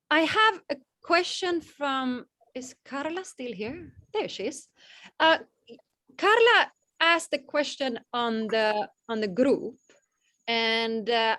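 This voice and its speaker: A woman leading an online class over a video call, talking slowly with many fillers and restarts. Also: on the high side, fairly bright tone, no room sound. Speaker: class organizer. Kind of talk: casual online class talk.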